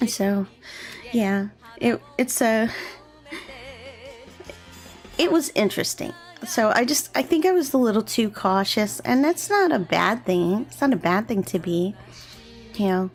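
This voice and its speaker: A young woman streaming as a VTuber, chatting casually and rambling while she draws, keeping her voice deliberately low and soft. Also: animated. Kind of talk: relaxed casual chat while drawing on stream. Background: faint gentle background music.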